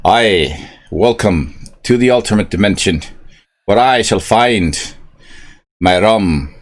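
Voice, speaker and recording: A man's voice: low voice, animated, slow pace, gravelly, fairly bright tone, breathy edge, full character voice. Man doing a drunk Scottish-ish space pirate. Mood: blustering. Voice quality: Scottish brogue drifting toward Irish. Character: drunk male space pirate hunting rum.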